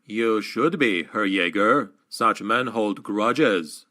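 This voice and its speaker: A man voicing a stern gray-haired master of arms in an audiobook, calm, measured and quiet. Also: on the low side, exaggerated voice.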